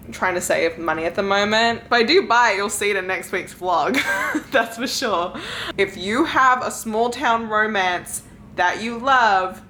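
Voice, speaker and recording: A woman's voice: medium pitch, a bit bright, slight background noise. A young woman chatting casually to camera at home in a reading vlog, gushing with lots of fillers. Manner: gushing, effusive, many fillers. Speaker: book vlogger.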